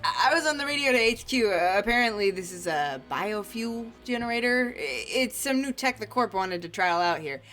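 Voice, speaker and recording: A woman voicing a gruff, practical rig foreman with a put-on New York accent as she reads a game's dialogue aloud. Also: on the high side, expressive, normal speed, hardly any pauses, a bit bright, soft background music, voice pushed up. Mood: matter-of-fact.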